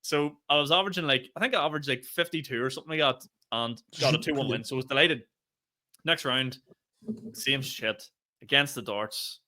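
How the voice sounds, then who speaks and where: A young Northern Irish man telling a long, animated story on a casual podcast, cursing freely and laughing as he goes. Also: medium pitch, fairly quick. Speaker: podcast co-host.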